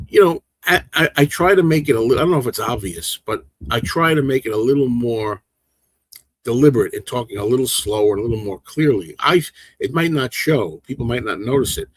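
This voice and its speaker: Fast-talking man in his sixties. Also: mid-range voice, animated, breathy edge. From big city in the northeastern US. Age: 60s. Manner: fast, passionate, rambling talk with many restarts. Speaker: livestream host. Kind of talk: casual chat with live chat.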